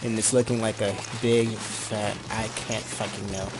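A man hosting a gaming video, chatting casually and joking with friends while playing. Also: on the low side. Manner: joking, excitable, quick rambling asides. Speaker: gaming channel host. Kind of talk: casual gameplay chat. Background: game music.

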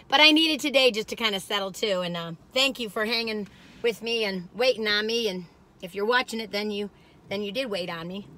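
A woman's voice: mid-range voice, sharp tone. A middle-aged woman, chatting and rambling as she taste-tests food, gushing with frequent exclamations. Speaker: food reviewer. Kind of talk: casual chat while taste-testing.

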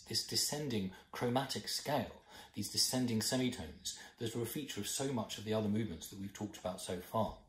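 A man's voice: fairly low pitch, roomy sound, a little hiss or hum, poor audio. A man with a British accent giving a thoughtful, explanatory music lesson from his home. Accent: British English. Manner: thoughtful, explanatory, counts beats aloud. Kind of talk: informal music lesson to camera. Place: room at home.

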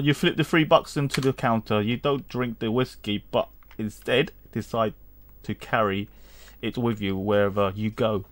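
Speaking in a lowish voice, this gaming channel host offers relaxed let's-play commentary, reading the game's text out loud. He rambles while humming and chuckling as he plays. A little hiss or hum is audible.

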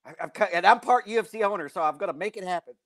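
A man co-hosting a live podcast, chatting in an excitable way and laughing as he riffs on jokes. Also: high-pitched, very fast, no echo. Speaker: co-host. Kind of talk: casual podcast banter.

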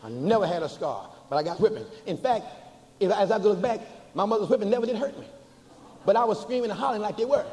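An older man, a bishop preaching a sermon to a church congregation, folksy and humorous, slowing to chanted emphasis. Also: high-pitched, expressive, a little mellow, slight background noise. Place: large church before a congregation. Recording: hall reverb with faint ambience, cassette.

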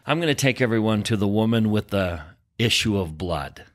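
A man with a somewhat low voice, reflecting on scripture in a casual discussion. He reads verses aloud slowly and deliberately. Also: animated. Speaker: podcast co-host.

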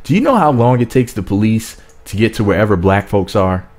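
A man's voice: lowish voice, sing-song, fairly quick, darkish tone. A man hosting a gossip commentary, casually reading out posts in a wry, offhand way with some hesitation. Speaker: entertainment gossip host.

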